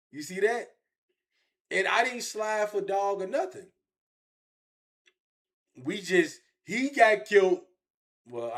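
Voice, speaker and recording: A man telling his own story in an interview, animated and repetitive, with heavy street slang. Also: on the high side. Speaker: interview guest.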